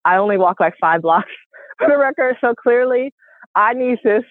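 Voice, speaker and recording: A woman's voice: fairly high pitch, normal speed, no room sound. Chatty woman host on a tinny phone line. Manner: lively, chatty, laughs often. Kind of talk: casual chat on a group call. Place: outdoors walking.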